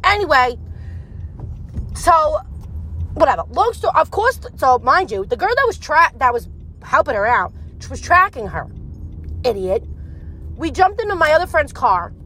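High-voiced young woman ranting. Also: normal speed, long pauses, slight background noise. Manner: animated, profane and rambling. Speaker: storyteller. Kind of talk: casual storytelling.

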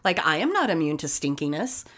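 A woman's voice: low-pitched, very animated, a little fast, a bit bright. Profane, emphatic woman storyteller. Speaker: podcast co-host. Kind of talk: casual storytelling chat.

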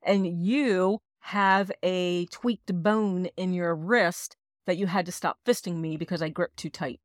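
A woman's voice: lowish voice, fairly even intonation, unhurried, dry recording, clean studio sound. A woman co-hosting a casual podcast, talking frankly and laughing often. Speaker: podcast co-host.

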